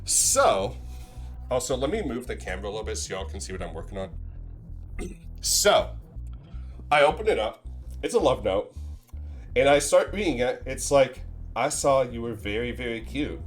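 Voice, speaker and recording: A man's voice: mid-range voice, big pitch swings, normal speed, pauses often, faint music behind. Young male streamer, mid-range voice, casual rambling anecdote, profane and self-mocking.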